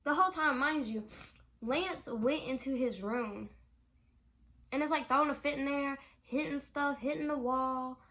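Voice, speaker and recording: A woman's voice: sits high, unhurried. Exasperated young woman telling a story. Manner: animated, exasperated, swears freely. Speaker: vlogger. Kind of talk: casual storytime.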